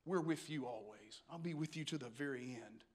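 A preacher putting on a low, earnest fisherman disciple. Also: normal speed, husky, natural voice. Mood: pleading. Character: burly impulsive male fisherman disciple.

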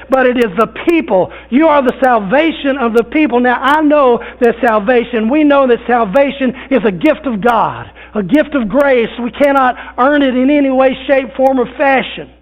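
Male pastor, high-pitched, folksy conversational sermon, thin phone-like recording. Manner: folksy, conversational preaching with repeated phrases and fillers. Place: church sanctuary.

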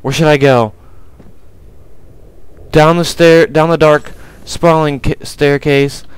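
A man's voice: on the high side, fairly even intonation, takes it slowly, smooth, rough recording. A young man commentating a horror game, jumpy and panicky, often crying out in fright. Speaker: gameplay commentator.

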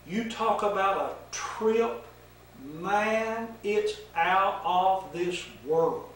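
An older man voicing a sly, smooth-talking male serpent-devil who drawls casually and then turns hushed and earnest, in an echoey room with the mic set far off. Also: high-pitched, very slow, slight background noise, full character voice.

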